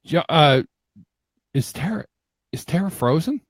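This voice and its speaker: A man's voice: a little high, animated, moderate pace, dry recording. Teasing, profane man hosting a podcast. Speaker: podcast host. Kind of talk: casual live-stream banter.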